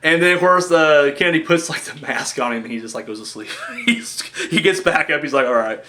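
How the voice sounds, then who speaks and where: A man casually recapping wrestling matches, rambling with lots of fillers and getting excited as a fan. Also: fairly high pitch, a little fast. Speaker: wrestling review host.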